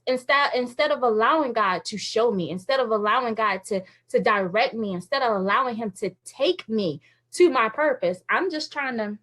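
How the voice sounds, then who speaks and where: A woman giving a motivational faith talk to women viewers, animated and laughing often, acting out quoted thoughts in other voices. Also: a little high. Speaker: Christian women's ministry speaker.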